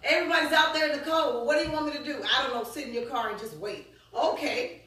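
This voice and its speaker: A woman pastor giving a sermon testimony, telling her story with animated voices and frequent laughter. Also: high voice, fast. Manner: animated storytelling, acts out dialogue, laughs often. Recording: echoey room, from far off.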